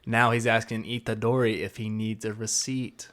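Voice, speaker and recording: A man co-hosting a podcast, trading jokes and excited banter in casual chat. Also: lowish voice, normal speed. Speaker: podcast co-host.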